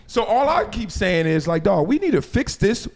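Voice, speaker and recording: Male host, casual chat, high voice that swings widely, animated and blunt. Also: moderate pace, gravelly. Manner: animated, swears freely, acts out voices of others. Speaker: podcast host.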